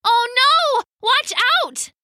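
Kaya, a shy and lonely young woman from a storybook, speaks in a high, bright, breathless voice that swings up and down, as a storyteller puts her on. Her pleading lines come across dry and close. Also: big pitch swings, a little slow, no room sound, exaggerated voice. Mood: alarmed.

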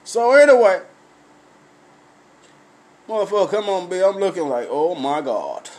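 A man delivers a blunt, swear-filled comic rant. His voice sits high for a man, and he keeps it animated, breaking into laughs as he tells his story. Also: a little slow.

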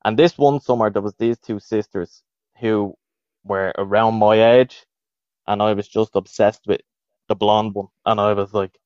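Irish podcast co-host, thirties, casual storyteller, dry slightly muffled mic. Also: male voice, lowish voice, a little slow, clear, resonant tone, no room sound. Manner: animated, laughing, slips into voices of others.

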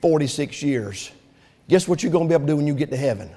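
A man preaching a fervent sermon in a church, swinging from loud to soft. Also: a little high, expressive, quick pace. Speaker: pastor. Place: church sanctuary. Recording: long church reverb.

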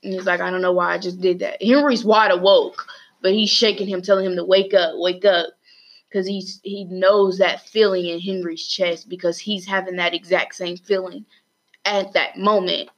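A woman's voice: mid-range voice, steady tone, normal speed, highs cut off. A woman casually retelling a story as a student podcast host, rambling with lots of fillers and restarts.

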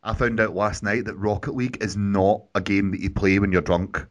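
A man hosting a gaming podcast, introducing his co-hosts in a relaxed, teasing way. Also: lowish voice, normal speed. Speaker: podcast host. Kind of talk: casual podcast chat.

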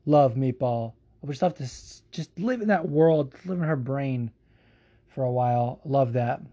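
A man's voice: mid-range voice, mellow. A man hosting a casual solo podcast, answering listener questions in a rambling, profane way with frequent laughs and restarts.

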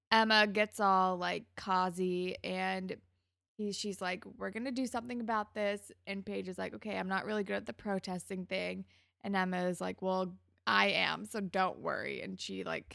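A woman with a gravelly edge to her voice chats casually as a podcast co-host. She retells a TV episode scene by scene, acting out the characters' lines. The sound is dry and close. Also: medium pitch, steady tone, unhurried, fairly bright tone, dry recording. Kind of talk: casual recap chat.

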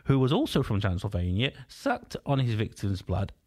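A man's voice: lowish voice, huge pitch swings, normal speed, a little mellow, breathy edge, dry recording, studio quality. A man hosting a casual podcast, jokey and rambling, tripping over words. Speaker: podcast host.

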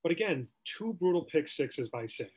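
A man's voice: fairly high pitch, very animated, normal speed, darkish tone, breathy edge. A man co-hosting a sports podcast, ranting with rhetorical questions in casual talk.

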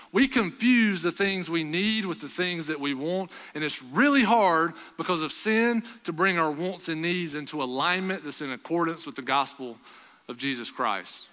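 A young male preacher with a bright, forceful voice that sits a little high for a man. He tells his story with animated delivery and raises his voice for the dialogue. The sound carries a long reverb from a church sanctuary. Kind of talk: sermon with personal story.

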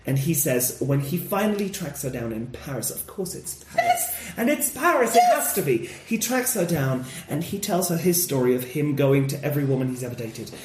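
A man's voice: moderate pace, few pauses, reverberant, slight background noise. A man co-hosting a podcast, chatting casually about films and acting out scenes with big jumps in his voice. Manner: animated, acts out movie scenes with big pitch jumps. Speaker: podcast co-host.

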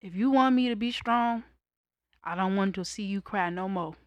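A young woman voicing her gentle, dying grandmother, who speaks softly and calmly. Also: mid-range voice, moderate pace, no echo, muffled recording, lightly acted.

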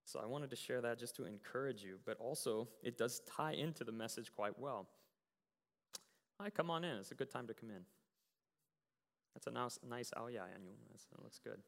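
Animated man preaching in a reverberant church. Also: mid-range voice, moderate pace, vocal fry. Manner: animated storyteller, many fillers and repeated words. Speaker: youth pastor. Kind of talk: casual sermon. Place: church sanctuary. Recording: church hall with long reverb.

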